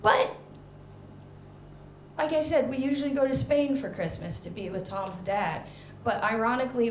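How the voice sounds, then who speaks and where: A woman performing a stand-up comedy set, animated, jumping into loud high mock voices for punchlines. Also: slight background noise. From United States. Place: comedy venue stage. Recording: echoey live venue, faint ambience.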